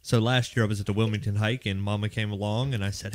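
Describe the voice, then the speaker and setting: A man's voice: fairly low pitch, fast. A man with a Pittsburgh accent, a guest organizing a hike, chatting casually with filler words. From Pittsburgh, Pennsylvania. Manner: relaxed, rambling, with filler words. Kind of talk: casual chat.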